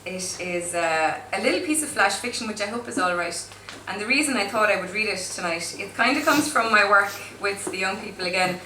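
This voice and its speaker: A woman performing spoken word as a guest poet, wry and chatty between pieces, slow and deliberate in her poems. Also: medium pitch, lively intonation, bright, forceful tone, echoey room, distant mic, slight background noise. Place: pub performance room.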